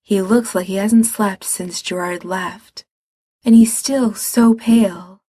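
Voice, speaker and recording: Woman reading fiction aloud, husky voice, slow calm pace, dry close sound. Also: mid-range voice, no room sound. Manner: calm, measured storytelling. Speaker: reader.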